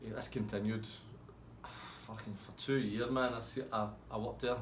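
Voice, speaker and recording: A man's voice: lowish voice, fairly even intonation, moderate pace, echoey room, a little hiss or hum. A man telling a rambling, swear-heavy anecdote in a casual way. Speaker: storyteller.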